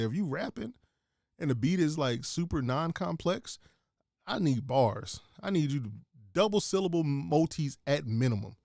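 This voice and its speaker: A man casually reviewing rap tracks on a live stream, blunt and relaxed in loose slang. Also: medium pitch, dry recording, studio quality.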